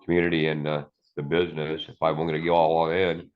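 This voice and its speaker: A man's voice: a bass voice, little pitch movement, brisk, narrow, tinny audio. A middle-aged man giving an emotional personal testimony, earnest and rambling, saying "man" often. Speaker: community member sharing a testimony.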